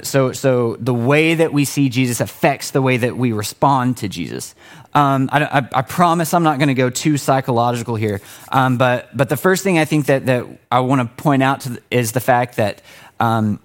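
A man delivering a sermon with a relaxed, conversational feel. He tells stories in an animated way and often stops and restarts his sentences. His voice sits at a middle pitch. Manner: casual, animated storytelling with frequent restarts. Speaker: pastor.

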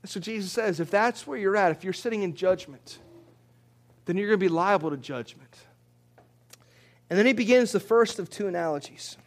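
A man with a high voice preaches to his congregation. He talks in a loose, conversational way, often repeating words before he finds them, and climbs higher when he drives a point home. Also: moderate pace, pauses often. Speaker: pastor. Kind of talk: sermon.

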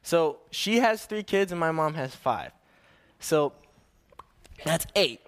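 A man's voice: a little high, expressive, takes it slowly, clean tone. A young man giving his first sermon to a church, telling a family story in a casual, slightly nervous way with restarts. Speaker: young preacher.

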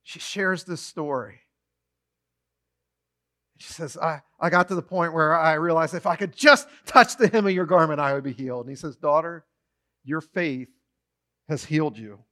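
A man preaching a sermon, retelling a story with animated storytelling and short acted-out quotes. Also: a little high, moderate pace, pauses often.

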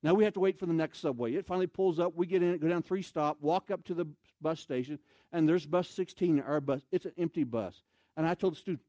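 An American man, a missionary speaker, telling a humorous story in an animated, comic way and acting out scenes. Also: a little high, quick pace, no room sound. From United States.

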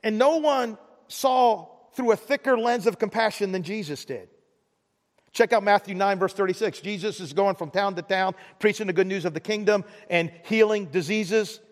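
High-voiced guy preaching, stumbles and restarts a lot, big echoey hall. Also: moderate pace. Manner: conversational, stammering restarts, rising intensity on key points. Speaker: pastor. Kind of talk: sermon.

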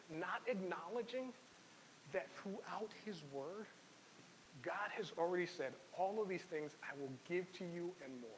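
A man's voice: high-pitched, measured pace. A man preaching a sermon in an earnest, personal way, reading scripture aloud and telling his own story. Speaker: pastor. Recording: long hall reverb with faint hiss.

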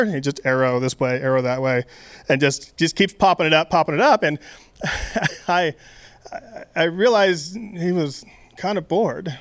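A man's voice: a little high, normal speed, fairly bright tone, dry recording. A young man giving a casual, conversational sermon, with many fillers and restarts. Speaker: preacher.

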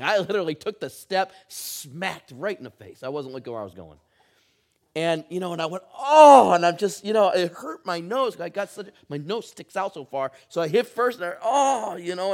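Animated male pastor telling a story. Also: high-pitched, normal speed. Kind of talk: sermon.

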